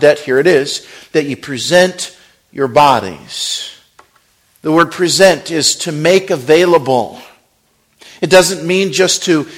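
Guy preaching a sermon, kinda high voice, goes real quiet then gets loud. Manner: swings from hushed, near-whispered lines to loud, raised preaching. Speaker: pastor.

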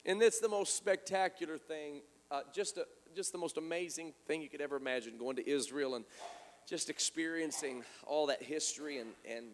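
A man's voice: fairly high pitch, moderate pace, long reverb tail, slight background noise. A man preaching a sermon, telling a story and acting out the dialogue, often repeating words as he goes. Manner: animated, repeats words, acts out quoted dialogue.

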